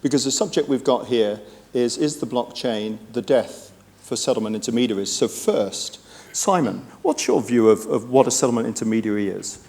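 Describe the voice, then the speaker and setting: A man's voice: mid-range voice, lively intonation, moderate pace, darkish tone. Man moderating a conference panel. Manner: friendly, conversational, with fillers.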